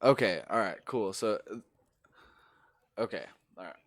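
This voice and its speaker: A man in a tabletop game speaks slowly and carefully, his pitch rising and falling a lot as he checks the details. His voice is dry and close to the mic. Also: expressive, a bit bright, dry recording. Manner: slow, questioning. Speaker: player.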